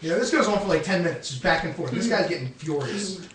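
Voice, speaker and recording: A man's voice: fairly high pitch, lively intonation, fairly bright tone, distant mic. A man telling a long, rambling drunken anecdote in casual podcast chat. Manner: rambling, drawn-out storytelling. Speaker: podcast co-host. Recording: echoey, off-mic, faint hiss.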